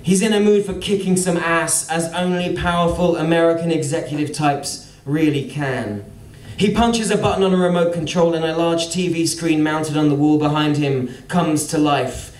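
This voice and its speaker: A man's voice: on the high side, normal speed, a little mellow. A man telling a wry, sardonic story as spoken-word storytelling at a live venue. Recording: roomy venue, mic at a distance.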